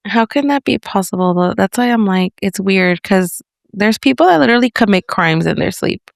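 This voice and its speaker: A woman chatting on a podcast, animated and laughing, slipping Spanish words into her talk. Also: medium pitch, normal speed, creaky, no echo, clean studio sound. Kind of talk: casual chat.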